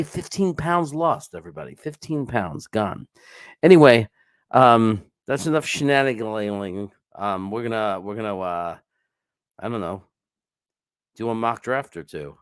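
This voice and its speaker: A man's voice: fairly low pitch, dry recording, studio quality. A man hosting a live stream, chatting casually and rambling as he greets viewers by name and swears now and then. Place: home setup with screens.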